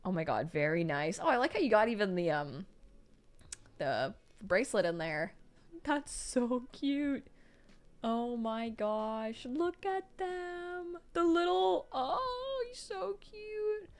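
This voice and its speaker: A young adult woman hosting a livestream, reading chat aloud and reacting with gushing excitement. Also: a little high, slow. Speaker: livestream host. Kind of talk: live-stream chat reading.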